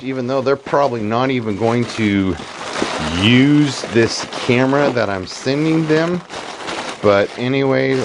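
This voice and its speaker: A man hosting his woodworking channel, chatting casually through an unboxing and narrating what he does as he goes. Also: lowish voice. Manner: chatty, self-narrating, easily amused. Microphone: phone camera. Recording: noisy phone recording.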